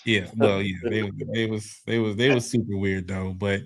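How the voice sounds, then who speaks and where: A man's voice: lowish voice, flat delivery, moderate pace. Loose, profane male podcast host. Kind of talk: casual chat.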